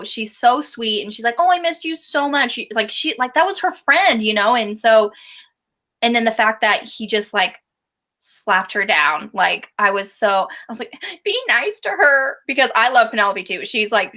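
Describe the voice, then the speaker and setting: A woman's voice: medium pitch, moderate pace, sharp tone. A woman co-hosting a casual book discussion, chatty, with frequent laughs and fillers. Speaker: book review co-host.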